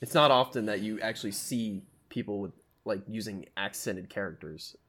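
A man's voice: lowish voice, normal speed, fairly bright tone. A man in casual group chat about an anime, opinionated and rambling, swearing often.

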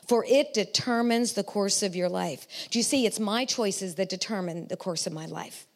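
A woman preaching a sermon and leading a prayer, driving points home with rhetorical questions. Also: medium pitch.

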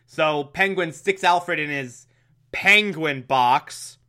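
A man's voice: on the high side, slow pace, sharp tone. A man giving a casual, comedic recap of an episode, wry and chatty with laughing asides. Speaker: show host recapping an episode.

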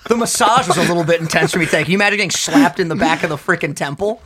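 A man's voice: a little high, rapid-fire, breathy edge. A young man co-hosting a podcast, telling stories with lots of laughter and swearing. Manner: animated, profane storyteller who laughs a lot. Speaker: podcast co-host. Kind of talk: casual podcast banter.

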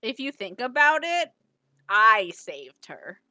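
Bright, lively woman reacting playfully. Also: fairly high pitch, takes it slowly, no room sound. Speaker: co-host. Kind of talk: casual let's-play chat.

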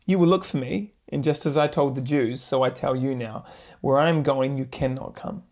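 A man co-hosting a podcast, reading scripture aloud at a steady pace between short agreeing remarks. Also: mid-range voice, moderate pace. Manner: reads steadily, brief agreeing interjections. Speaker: podcast co-host. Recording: voice from far off the mic.

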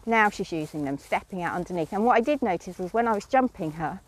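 A woman's voice: mid-range voice, animated, fast talker. A middle-aged woman chatting casually outdoors with horses, breaking off to call commands to a horse she is lunging. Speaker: horse owner vlogger.

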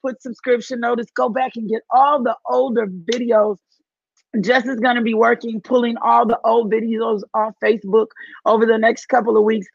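A woman's voice: on the high side, level tone, normal speed, vocal fry, breathy edge, no room sound, muffled recording. A woman with a Southern accent leading a live-streamed devotional, preaching fervently and repeating phrases for emphasis. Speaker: women's ministry leader hosting a live stream.

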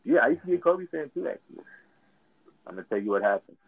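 A man co-hosting a casual podcast chat, an animated and slangy storyteller who laughs often. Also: a little high, fast talker, creaky, breathy edge, dry recording. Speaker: podcast co-host. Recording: tinny phone-like line, dry.

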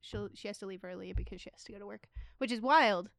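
A woman's voice: mid-range voice, quick pace, gravelly, a bit bright, dry recording, clean studio sound. A woman co-hosting a podcast, chatting easily and laughing often. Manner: easygoing, laughs often, reads things aloud. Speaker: podcast co-host. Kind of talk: casual chat.

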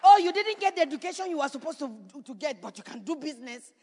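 Female pastor, very high voice, fervent repetitive preaching, long church reverb. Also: lively intonation, fast talker, some chatter behind. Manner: preaching with rising shouts and repetition. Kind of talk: sermon.

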